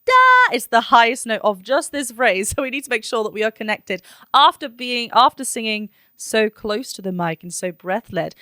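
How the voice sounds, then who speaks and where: A woman's voice: on the high side, normal speed, a bit bright, no room sound, clean studio sound. A woman vocal coach talking through a song in a chatty, analytic way, now and then singing short vowel demos. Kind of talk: reaction and analysis talk.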